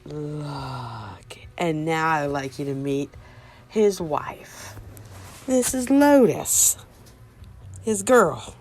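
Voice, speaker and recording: Slow-talking woman at rabbit hutches. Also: low voice, lively intonation, a little hiss or hum. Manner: chatty, cooing softly at animals. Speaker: homesteader showing new rabbits. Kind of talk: casual vlog walk-through. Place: outdoors beside rabbit hutches on a farm.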